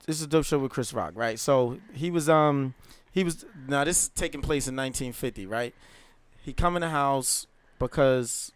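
A man's voice: medium pitch, smooth. A man in a casual group chat, rambling through retellings with quoted dialogue.

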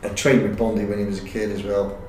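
A middle-aged man and former footballer, recalling his career in a halting, rambling way with many fillers. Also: fairly low pitch, flat delivery, slight background noise. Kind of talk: casual interview chat. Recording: roomy, distant recording.

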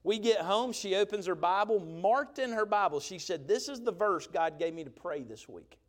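A man preaching a sermon, telling a story with lively emphasis and often checking in with the crowd. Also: high voice, moderate pace. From Georgia. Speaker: pastor.

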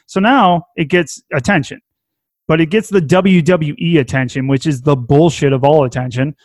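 Man, Welsh accent, casual podcast chat, lively and laughing, fairly high voice, dry close sound. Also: normal speed, no room sound. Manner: animated, laughs often, swears casually.

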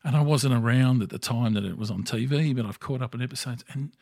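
This is a middle-aged Australian man ranting his opinions on a solo podcast, bluntly and with plenty of swearing. His voice is gravelly and a bit husky. The sound is dry and close, with no room echo. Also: mid-range voice, quick pace, a little mellow. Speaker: podcast host.

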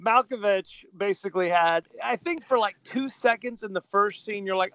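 A man's voice: high voice, normal speed, bright, forceful tone, no room sound. A man co-hosting a podcast in casual chat, joking and rambling with a self-deprecating manner. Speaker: podcast co-host.

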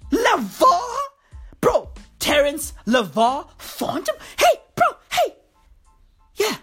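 A woman's voice: high voice, huge pitch swings, very slow, fairly bright tone, soft background music. A woman delivering a profane, mocking comedy rant full of slang.

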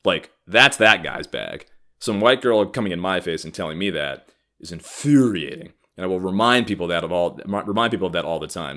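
Deep-voiced man ranting forcefully. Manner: blunt, profane, heated and animated. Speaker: podcast host. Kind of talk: solo ranting podcast talk.

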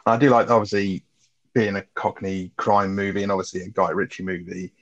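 A man's voice: sits low, little pitch movement, fairly quick, fairly bright tone. A man co-hosting a casual film review, bantering and swearing freely as he recaps scenes. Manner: swears freely, bantering, quotes lines with a laugh. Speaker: podcast co-host. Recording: muffled lo-fi sound.

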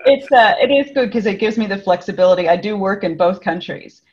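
A woman's voice: medium pitch, brisk. A woman from California with a slight Australian tinge to her accent, a guest author talking upbeat in a casual interview. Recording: slightly dull lo-fi audio.

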